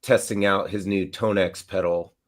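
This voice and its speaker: Low-voiced man rambling on a stream. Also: steady tone, moderate pace, background noise. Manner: rambling, filler-heavy. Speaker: co-host. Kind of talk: casual chat.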